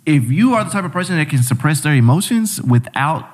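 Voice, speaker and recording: A man's voice: on the high side, animated, fairly quick. A young man, a podcast guest, telling a personal story in a loose, slangy way, repeating himself and acting out what people said. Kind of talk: casual storytelling chat.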